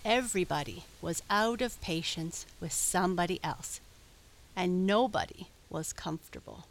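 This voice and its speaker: A woman narrating a children's animal story in a gentle, measured storytelling manner. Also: lowish voice.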